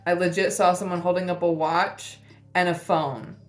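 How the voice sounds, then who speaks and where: A woman's voice: lowish voice, normal speed, soft background music. A woman giving a casual spiritual reading to camera, blunt and teasing, swearing often as she delivers tough love. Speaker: tarot reader.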